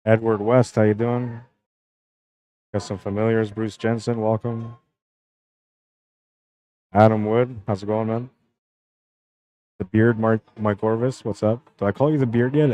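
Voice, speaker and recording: A relaxed young man talks his way through a pool match on his own live stream. His voice sits fairly low, and his delivery is loose and chatty as he calls the shots and greets viewers one after another. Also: poor audio. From Canada. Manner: laid-back, chatty, greets viewers by name. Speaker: pool tournament streamer and commentator. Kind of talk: casual live-stream commentary.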